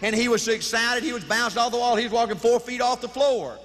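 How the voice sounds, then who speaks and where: High, bright-voiced shouting male speaker. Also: fast talker, big-room sound, a little hiss or hum. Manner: emphatic, repetitive, bursts of shouting. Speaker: motivational speaker. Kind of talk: high-energy motivational speech.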